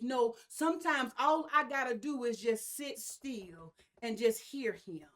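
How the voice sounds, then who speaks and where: Emphatic, fairly high-voiced woman preacher. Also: measured pace, hardly any pauses, a bit bright. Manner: emphatic and repetitive, with repeated phrases and asides to the congregation. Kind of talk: sermon.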